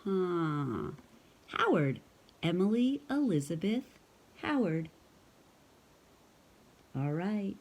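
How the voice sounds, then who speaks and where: A woman's voice: medium pitch, big pitch swings, measured pace. A woman reading a picture book aloud to her child, breaking off for chatty asides and playful hiccup noises. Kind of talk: casual storybook read-aloud.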